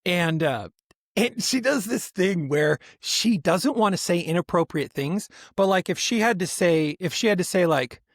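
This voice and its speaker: Man, podcast co-host, rambling storyteller, slightly high voice, dry close sound. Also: moderate pace, no echo. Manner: rambling, animated storytelling with many restarts. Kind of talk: casual chat.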